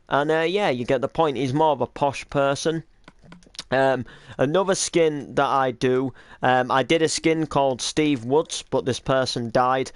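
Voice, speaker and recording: In a dry, clean studio recording, a roleplay series creator who also works the camera rambles in casual chat with many hesitations and restarts. His mid-range voice is clear and resonant, delivered at a measured pace.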